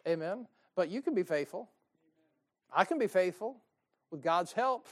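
A man's voice: high-pitched, expressive, measured pace, long pauses. Joking preacher man calling "Amen?". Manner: joking, calls out "Amen?" to the congregation; swings from loud to quiet. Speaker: pastor. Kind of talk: sermon. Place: church service.

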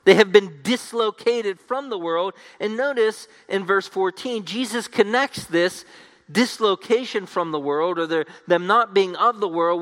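A man's voice: sits high, fairly bright tone. A man preaching an expository sermon as pastor, emphatic, restating each point in repeated phrases. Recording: long reverb of a large hall.

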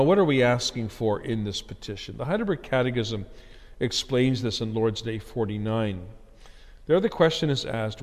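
Earnest preaching man in a reverberant hall. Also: mid-range voice. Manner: earnest preaching, rising emphasis on key phrases. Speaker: pastor. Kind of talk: sermon.

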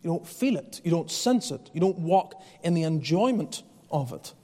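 Earnest high-voiced male preacher. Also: big pitch swings, moderate pace, warm tone, in a large hall. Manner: earnest, conversational preaching with restarts. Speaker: pastor. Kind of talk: sermon. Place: church.

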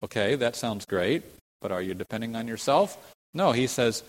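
A male pastor delivers a sermon in an earnest, explanatory way, often asking his congregation questions. His voice sits at an ordinary middle pitch, and the long reverb of a church sanctuary trails after his words. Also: expressive, moderate pace. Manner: builds to fervent, high-pitched emphasis when quoting scripture.

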